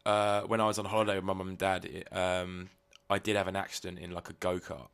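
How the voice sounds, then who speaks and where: A man's voice: low voice, flat delivery, quick pace, vocal fry, fairly bright tone, clear, resonant tone. A young man co-hosting a podcast, telling a long rambling story full of fillers and casual swearing. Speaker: podcast co-host. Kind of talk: casual chat.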